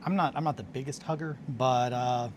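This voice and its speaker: Sleepy male stream host, mid-pitch, rambling, noisy room. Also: steady tone, moderate pace. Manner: rambling, self-interrupting, restarts and fillers. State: tired, just woken up. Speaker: hobby livestream host. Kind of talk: casual rambling storytelling to viewers. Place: home studio and workshop.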